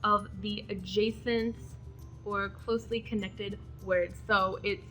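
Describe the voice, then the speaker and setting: Give me a chatty young woman explaining poetry terms, with soft music underneath. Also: medium pitch, flat delivery, slow pace. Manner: chatty, explains terms then reads examples aloud. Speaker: poetry video host. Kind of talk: casual educational explainer.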